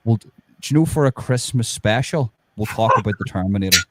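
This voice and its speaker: In a fast, lowish, animated voice on a dry recording, a podcast co-host gets heated over true crime in a casual chat. He swears a lot and keeps restarting his sentences.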